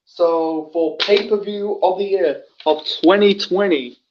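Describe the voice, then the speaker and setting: Halting man with a high voice in an echoey room. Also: slight background noise. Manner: halting, many fillers and restarts. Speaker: wrestling show host. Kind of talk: casual solo commentary. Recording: distant, echoey, dull lo-fi audio.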